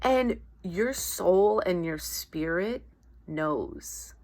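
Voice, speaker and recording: A woman life coach speaks animatedly in a fairly low, darkish voice, drawing out her words. Her motivational monologue is casual and conversational, with acted-out everyday exchanges and frequent "right?" check-ins.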